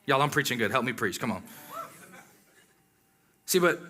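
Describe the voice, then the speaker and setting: A man preaching a sermon in a lively, conversational way, with exclamations and asides to the congregation. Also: mid-range voice, normal speed.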